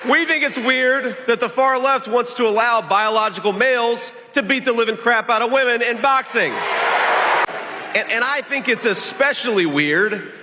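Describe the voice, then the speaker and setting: A man giving a rousing rally speech in a large arena, some lines shouted. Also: very high-pitched, unhurried, very noisy. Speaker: political rally speaker. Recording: long arena reverb.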